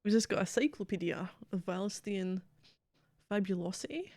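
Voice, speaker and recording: A woman's voice: medium pitch, lively intonation, moderate pace, a little mellow, no room sound, clean studio sound. A woman streaming a video game, chatting bluntly and casually with plenty of swearing. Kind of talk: casual livestream commentary.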